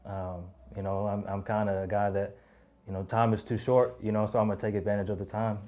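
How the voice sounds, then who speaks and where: A man in his thirties speaking in a relaxed way with many fillers in an interview. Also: lowish voice, fairly quick. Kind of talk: casual interview.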